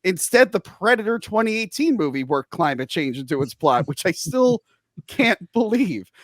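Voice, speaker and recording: A man hosting a casual movie review podcast, jokey and animated, acting out his own reactions as he talks. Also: sits high, moderate pace, no echo, studio quality. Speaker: podcast host.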